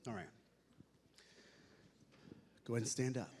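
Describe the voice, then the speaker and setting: A man emceeing a banquet, joking with the audience and shouting playful announcer calls. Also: medium pitch, big pitch swings, normal speed, a little hiss or hum. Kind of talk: hyping up a live audience. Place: large banquet hall. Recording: echoey hall.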